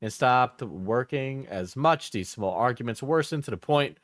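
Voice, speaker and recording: A man with a middle-pitched voice reads posts aloud during a casual live stream. He mixes the reading with offhand remarks. The sound is close and dry, as if from a desk mic. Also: expressive, a little slow, no echo.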